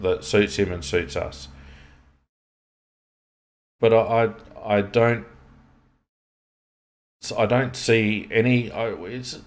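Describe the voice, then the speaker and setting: An Australian man co-hosting a football podcast, talking in an opinionated, rambling way with restarts. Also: sits low. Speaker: podcast co-host. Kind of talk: casual football chat.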